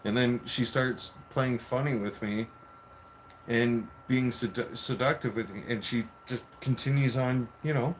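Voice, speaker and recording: Dude ranting about his night, swears a lot, mid pitch, faint hiss behind. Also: measured pace. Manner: animated, profane, repeats "I'm like". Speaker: vlogger. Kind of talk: casual rant storytelling.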